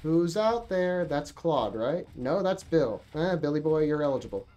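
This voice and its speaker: A woman streamer gives running commentary on her game, swearing and thinking aloud as she plays. Her voice sits low but swings widely in pitch. She sounds animated throughout. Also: normal speed, few pauses. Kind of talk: gaming livestream commentary.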